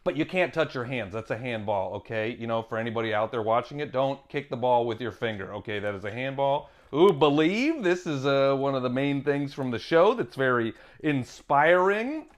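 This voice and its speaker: Playful animated male unboxing host. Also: medium pitch. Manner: playful, goofy, quick asides. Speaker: board game reviewer. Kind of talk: off-the-cuff joking unboxing.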